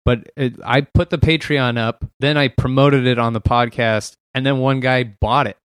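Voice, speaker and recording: Male comedian guest, relaxed and rambling, mid-pitch, dry close sound. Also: moderate pace, clear, resonant tone, no echo. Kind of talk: casual podcast chat.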